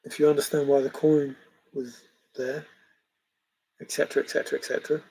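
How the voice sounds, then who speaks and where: A man's voice: medium pitch, little pitch movement, a little fast, mellow, husky, poor audio. A man hosting a livestream, chatting casually in a rambling way and chuckling as he reacts to viewers' comments. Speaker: livestream host reading chat. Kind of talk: casual chat.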